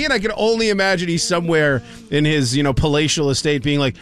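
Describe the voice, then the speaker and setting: A sports talk radio co-host with a fairly high voice. He rants with animated emphasis, piling on examples. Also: quick pace, hardly any pauses.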